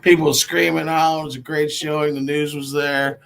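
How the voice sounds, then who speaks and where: A man from the Cincinnati area telling a story excitedly on a live video chat, dropping "man" often. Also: fairly high pitch, moderate pace, creaky. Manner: animated storytelling, says man a lot.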